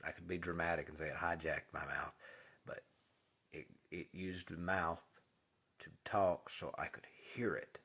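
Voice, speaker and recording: Male host, husky low voice, earnest spiritual monologue, drops to whispers for emphasis. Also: steady tone, unhurried, a bit bright.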